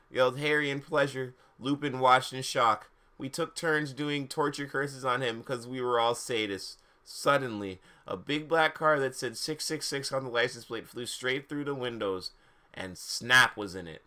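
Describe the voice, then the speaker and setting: A man's voice: medium pitch, unhurried, bright, forceful tone. A man reading fan fiction aloud on a live stream, breaking off for sarcastic, incredulous asides. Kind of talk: mocking dramatic reading with commentary.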